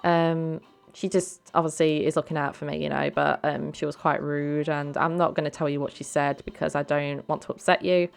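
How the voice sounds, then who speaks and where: A woman voicing a gentle devoted girlfriend. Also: low voice, level tone, normal speed, vocal fry, few pauses, smooth, faint music behind. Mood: reassuring.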